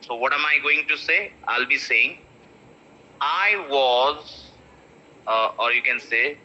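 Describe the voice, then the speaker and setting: A man's voice: mid-range voice, slow pace, long pauses, bright, forceful tone. A man teaching pronunciation in an online class. He repeats each word again and again and slips into Hindi phrases. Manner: repeats words over and over, mixing in Hindi phrases. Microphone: video call. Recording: dull lo-fi video call audio.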